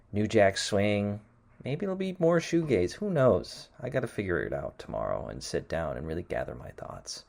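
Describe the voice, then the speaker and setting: A man's voice: fairly low pitch, a little mellow. A man hosting a music show in casual, rambling talk, hedging a lot as he wraps up. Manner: rambling, hedging with lots of "kind of" and "sort of". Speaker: radio show host.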